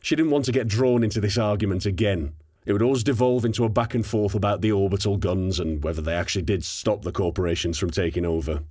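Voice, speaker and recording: A man narrating an audiobook in a steady, measured storytelling manner. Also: lowish voice, slightly rough, dry recording, clean studio sound.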